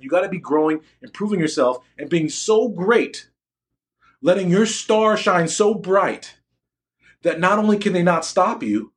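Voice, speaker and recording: A young adult man giving a motivational talk to students, boastful and emphatic, often asking the audience questions. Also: on the high side. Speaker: motivational speaker addressing students.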